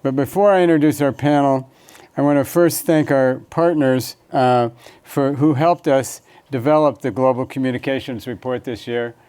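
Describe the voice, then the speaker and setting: Casting: male event host, smooth resonant voice, loose delivery. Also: mid-range voice, fairly even intonation, normal speed, darkish tone. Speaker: symposium host. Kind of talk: event introduction.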